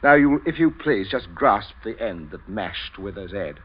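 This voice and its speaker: An actor playing a polite, murderous middle-aged father who chuckles with calm menace, in 1940s radio drama acting. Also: fairly low pitch, measured pace. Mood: menacing. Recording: dull, faintly hissy old radio broadcast.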